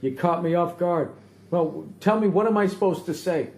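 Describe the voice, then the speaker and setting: A man's voice: sits high, normal speed, a little mellow. A man trading blunt, profane banter on a podcast, rambling and self-mocking as he tells a story. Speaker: podcast host. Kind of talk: casual comedic banter. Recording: echoey room with faint background noise.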